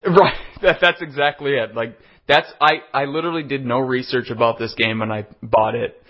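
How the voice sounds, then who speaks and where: A man's voice: mid-range voice, moderate pace. A man co-hosting a podcast, talking casually with many restarts and the odd swear word. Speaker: podcast co-host. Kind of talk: casual chat. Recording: dull lo-fi audio.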